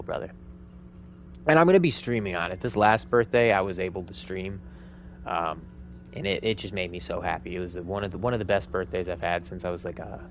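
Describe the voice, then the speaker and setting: A man's voice: sits low, vocal fry, a little hiss or hum. A man chatting casually to viewers while streaming a game, upbeat and rambling. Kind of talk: live game streaming commentary.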